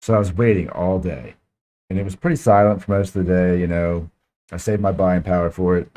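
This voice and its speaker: A man's voice: low-pitched, fairly even intonation, a little fast, dark tone. A man hosting a podcast, telling a frustrated, profane story in casual chat. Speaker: podcast host.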